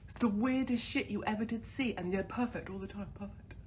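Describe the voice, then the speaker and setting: A woman's voice: medium pitch, fairly quick, slight background noise. A woman in her forties hosting her own online show, talking in a crude, sardonic and mocking way and swearing freely. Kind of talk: casual ranting monologue to camera.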